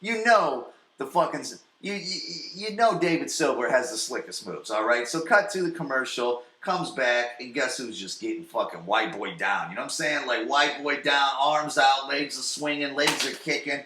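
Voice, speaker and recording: A man hosting a podcast, recapping a TV episode in a profane, excitable way that swings between loud and soft. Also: mid-range voice, normal speed, few pauses, roomy sound. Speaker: podcast host.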